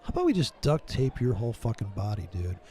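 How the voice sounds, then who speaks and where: A man's voice: medium pitch, wildly swooping pitch, fast talker, dark tone. A man hosting a casual trading stream, rambling and mocking in a profane, joking way. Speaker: livestream trading host. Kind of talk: casual ranting chat with viewers.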